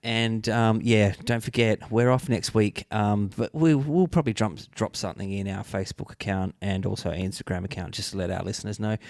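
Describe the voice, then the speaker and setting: A man with an Australian accent co-hosts a casual talk show, upbeat and chatty, joking at his own expense. His voice sits low. The recording is dry and close. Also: fairly even intonation, a little fast, few pauses, darkish tone, no room sound. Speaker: co-host. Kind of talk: casual podcast chat.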